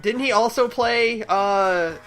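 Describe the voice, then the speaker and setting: A man's voice: very high-pitched, slow pace, fairly bright tone. Laid-back opinionated man podcast co-host. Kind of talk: casual chat. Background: faint background music.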